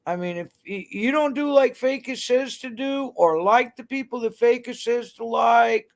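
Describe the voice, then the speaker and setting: A woman hosting a livestream rants angrily to her chat, blunt and heated, swearing constantly. Her voice is fairly high and animated, and she talks at a normal speed.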